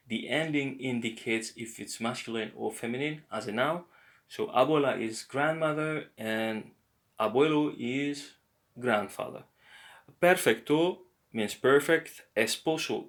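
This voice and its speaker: A man giving a slow, patient beginner language lesson, explaining words one by one. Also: medium pitch. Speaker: language teacher.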